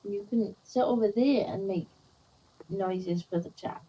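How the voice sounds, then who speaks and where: A woman streaming a game in casual chat, talking to and gently scolding the cat on her lap. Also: medium pitch, a little slow, a little hiss or hum, poor audio. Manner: fussing at a cat, scolding softly.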